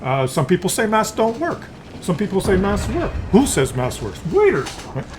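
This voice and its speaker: A man's voice: high-pitched, big pitch swings, normal speed, background noise. A man doing casual YouTube commentary, rambling conversationally with many fillers and restarts. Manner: drops into brief acted voices for examples.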